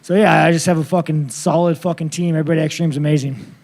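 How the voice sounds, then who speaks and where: Blunt, foul-mouthed fighter at a press conference. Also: male voice, a little high, fairly even intonation, fast, creaky, a little mellow. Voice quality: blunt, swears constantly, laughs at himself. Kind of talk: profane, rambling press conference answers.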